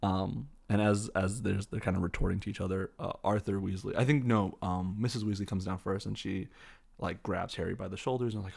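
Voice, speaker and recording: A man's voice: deep voice, steady tone, a little fast, creaky, darkish tone, husky. A man hosting a podcast, casually retelling a film from memory in a rambling way, full of fillers and self-corrections. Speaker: podcast host.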